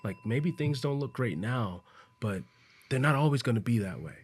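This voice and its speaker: A man's voice: expressive, normal speed, background noise. A man, a podcast guest telling a personal story in an earnest, casual way. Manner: earnest, acts out quoted voices, low and soft at emotional points. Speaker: podcast guest, business coach.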